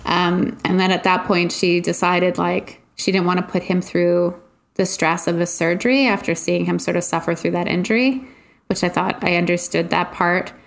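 A woman's voice: fairly low pitch, steady tone, normal speed, vocal fry. A woman co-hosting a casual chat, telling a rambling story and laughing often.

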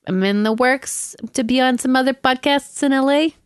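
A woman's voice: high voice, normal speed, smooth, no echo, clean studio sound. A woman co-hosting a podcast, chatting casually in a wry, self-deprecating way while plugging her projects. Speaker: podcast co-host and author. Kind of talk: casual chat.

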